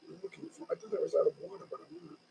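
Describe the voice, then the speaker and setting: A man's voice: high-pitched, very animated, very fast, gravelly, dark tone, slight background noise, low-quality recording. A man in his sixties hosting a casual live stream from home, rambling loosely through stories with many restarts. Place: home in the Philippines.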